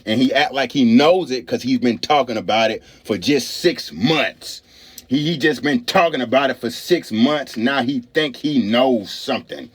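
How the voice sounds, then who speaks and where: A man's voice: lowish voice, animated, normal speed, breathy edge. A man in a profane ranting monologue who repeats and stammers angrily. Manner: repetitive, stammering, angry.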